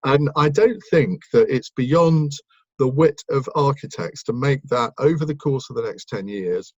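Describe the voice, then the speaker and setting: A man talks as a guest in a casual interview, his voice a little husky. He rambles, restarting sentences and filling gaps with ums. The recording is dry and somewhat dull and lo-fi. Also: mid-range voice, unhurried, no room sound. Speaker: guest, broadcaster and author.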